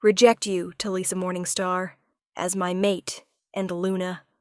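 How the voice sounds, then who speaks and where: Woman narrator reads torn male alpha, formal, close and dry, unhurried. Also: sits high, flat delivery, clean tone, no room sound. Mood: anguished. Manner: breaking, formal ritual words.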